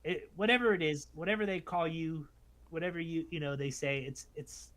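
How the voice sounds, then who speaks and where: Animated, fairly high-voiced man co-host. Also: fairly quick. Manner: animated, acts out what others say in mocking voices. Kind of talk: casual political chat on a faith podcast.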